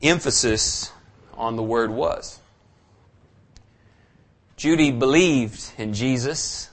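A man's voice: medium pitch, slow pace. A man preaching a sermon, telling a personal story earnestly and building to fervent emphasis.

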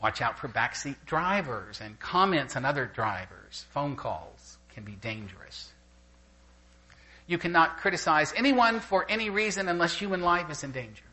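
An older male preacher delivering a sermon in a high, bright voice. He tells stories in an animated way, swooping widely in pitch and chuckling along. His tone is forceful and sharp. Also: moderate pace, low-quality recording. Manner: animated storyteller who laughs through anecdotes. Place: church gathering with a live audience.

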